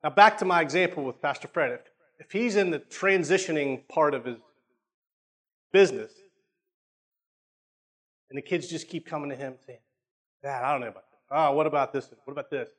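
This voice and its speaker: His voice a little high and a bit bright, a preacher talks to his congregation in a conversational manner. He keeps checking in with listeners, repeats words, and slows down whenever he wants to stress a point.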